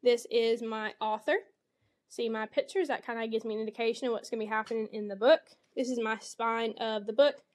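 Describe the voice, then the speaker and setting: A woman's voice: a little high, fairly even intonation, brisk, a little mellow. A woman teacher demonstrating a read-aloud lesson for young children, explaining each step and voicing the animal sounds with expression.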